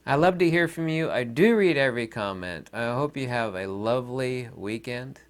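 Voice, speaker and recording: Man, casual vlog monologue, up-and-down melodic delivery, lots of filler pauses. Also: mid-range voice, animated. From Southern United States. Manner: rambling, many uh and um fillers, trails off quietly. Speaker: video commentator.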